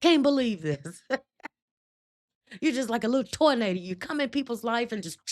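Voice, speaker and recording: A woman's voice: a little high, animated, normal speed, pitched above the performer's own voice, lightly acted. A woman putting on a doting woman in her seventies. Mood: fond teasing. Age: 70s. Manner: teasing, exclaiming. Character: affectionate older woman friend, doting.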